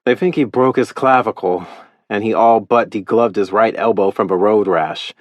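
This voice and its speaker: A man playing a fretful man begging a friend for a favour, his pleas pushing higher than the narrator's own low voice. The sound stays dry and close, as in a studio audiobook. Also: normal speed, dry recording, dull audio, natural voice. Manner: pleading, fretful. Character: worried man on the phone, frantic partner.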